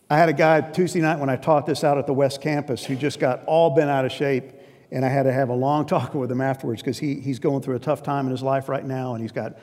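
A man's voice: medium pitch, darkish tone. A male pastor preaching a sermon in an earnest, emphatic, conversational way. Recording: long reverb of a big hall.

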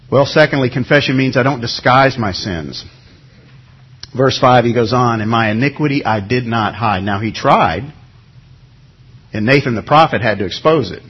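A man's voice: medium pitch, husky, dull audio. A middle-aged man, a pastor, preaching a sermon in a conversational way and acting out everyday excuses as little quotes.

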